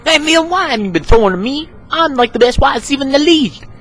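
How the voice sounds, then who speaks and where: A man's voice: very high voice, lively intonation, fast talker, a bit bright, pitched above the performer's own voice. A man voicing a boastful young football wide receiver in a homemade comedy sketch. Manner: boastful, taunting. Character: cocky young male star wide receiver.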